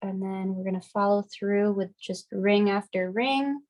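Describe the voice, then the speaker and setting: A young woman getting over a cold, teaching a relaxed, chatty, upbeat step-by-step decorating class. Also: mid-range voice, unhurried. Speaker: craft class instructor. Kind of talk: casual step-by-step demonstration.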